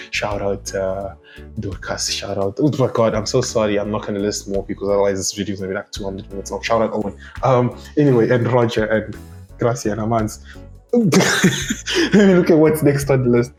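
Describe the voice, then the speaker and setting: A man's voice: lowish voice, brisk, faint music behind. A young man from South Africa chatting casually in a vlog, rambling through asides and laughing as he goes. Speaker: vlogger.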